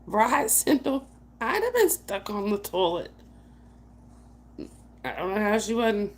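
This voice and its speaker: A woman's voice: mid-range voice, sing-song, slow. A woman hosting a night chat stream, casually telling family stories, laughing often and calling out to viewers by name. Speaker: livestream host.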